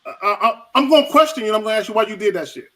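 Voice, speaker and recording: A man's voice: high-pitched, animated, racing, pushed and bright, poor audio. A man on an online panel, blunt and profane, stressing his points hard. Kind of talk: casual panel chat.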